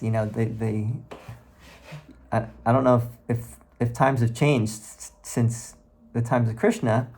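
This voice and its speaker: A man reading verses aloud and explaining them in an informal recorded lesson, speaking haltingly with many pauses and restarts. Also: mid-range voice, vocal fry, darkish tone. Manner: slow and halting, chants verses then comments. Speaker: teacher reading and explaining scripture. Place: room at home.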